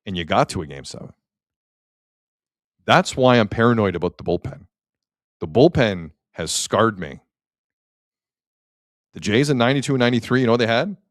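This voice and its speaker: A man's voice: on the low side, expressive, normal speed, pauses often, dry recording, studio quality. A man hosting a sports talk show, ranting emphatically with rhetorical questions in casual talk.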